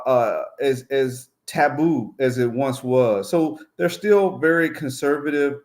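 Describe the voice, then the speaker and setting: Man guest on talk show, mid pitch, steady, few restarts.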